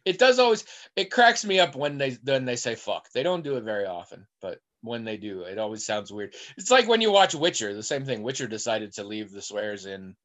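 A man's voice: mid-range voice, sing-song, brisk, fairly bright tone. A man co-hosting a podcast, chatting casually and wandering off on digressions as he tells stories. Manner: rambling, digressive storyteller. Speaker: podcast co-host.

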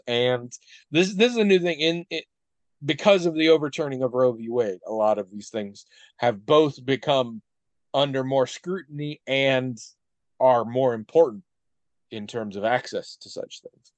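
A man's voice: mid-range voice, no echo. A man in casual podcast chat, retelling something at length with asides and frequent restarts. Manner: conversational, restarts often, retells story with asides.

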